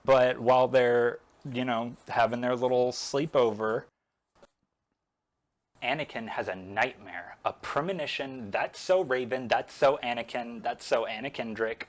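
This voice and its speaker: A man's voice: mid-range voice, fairly even intonation, measured pace. A man casually recapping a movie while he paints, joking and rambling as he goes. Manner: joking, rambling, self-interrupting. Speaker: painting vlogger.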